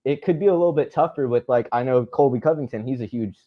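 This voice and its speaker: A man's voice: medium pitch, fast, muffled recording. A man hosting an interview, asking long, meandering questions with plenty of hedging. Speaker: interview host.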